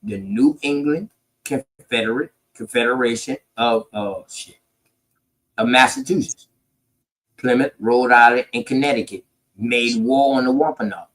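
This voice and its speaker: A man's voice: medium pitch, unhurried, a bit bright, rough recording. A man, talking through history in a casual, profane, emphatic way. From South Carolina, United States. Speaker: podcast host.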